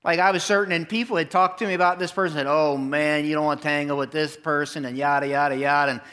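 A middle-aged man preaching a sermon to his congregation in a church, telling a story with lively, animated delivery. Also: fast talker. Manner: animated storytelling, jumps up in pitch for quoted lines. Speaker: pastor. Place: church sanctuary.

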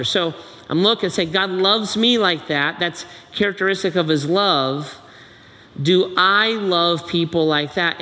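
A man's voice: fairly high pitch, bright, forceful tone, long reverb tail. A middle-aged man preaching a sermon, telling stories in a loose conversational way, full of fillers and restarts. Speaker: pastor.

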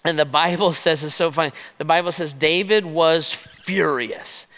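A man preaching a sermon, retelling a scripture story in a lively way and talking straight to his listeners as "guys". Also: on the high side, normal speed. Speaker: pastor. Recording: long reverb of a large hall.

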